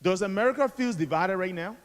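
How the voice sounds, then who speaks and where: A man's voice: sits high, expressive, a little fast, smooth. Man speaking in an echoey hall. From Liberia. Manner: dramatic storytelling with rhetorical questions to the audience. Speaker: guest speaker, author and activist. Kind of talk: motivational school assembly speech. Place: school assembly hall.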